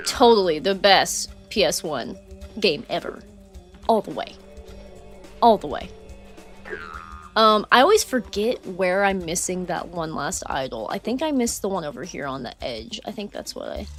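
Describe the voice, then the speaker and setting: A chatty woman streamer talks to her chat while she plays, her voice lively and rising and falling a lot. She rambles with plenty of ums and gushes warmly over viewers' comments, with faint music behind her. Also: fairly low pitch, moderate pace. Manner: chatty, rambling, frequent fillers, reads chat aloud; warm and effusive toward viewers. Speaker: gaming streamer. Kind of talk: casual live-stream chat while playing.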